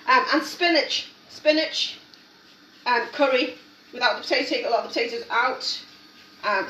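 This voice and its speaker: A woman hosts a casual cooking demonstration, chatty and encouraging as she works. Her voice sits fairly high. She is recorded in an echoey home kitchen from some distance, with steady noise behind her. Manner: chatty, encouraging, talks while working. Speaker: cooking show host.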